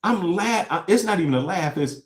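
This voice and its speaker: Animated man reacting to clips in an echoey room. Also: high voice, brisk. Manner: emphatic, repeats phrases for effect. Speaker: show host. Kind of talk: reaction commentary on played clips.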